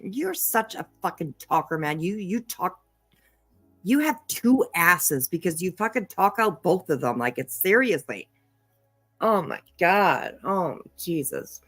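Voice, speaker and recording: A woman's voice: fairly low pitch, sing-song, unhurried, a bit bright, breathy edge, soft background music. A woman hosting a livestream, reacting to clips in casual commentary, blunt and profane and laughing often. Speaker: livestream host.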